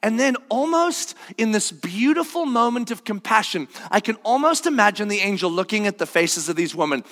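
A man's voice: high voice, expressive, normal speed, hardly any pauses, a bit bright. A male preacher telling a story animatedly in a sermon, acting out the voices. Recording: long hall reverb.

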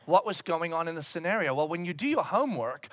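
A man preaching a sermon in an animated way, breaking into shouted acted-out lines. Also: a little high, quick pace. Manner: animated, acts out voices with sudden shouts. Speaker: pastor.

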